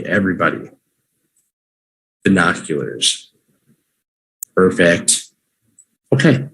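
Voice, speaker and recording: A man teaching English vocabulary on a livestream, repeating each word slowly for learners to say with him. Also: lowish voice, slightly rough. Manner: slow, drawn-out repetition for learners.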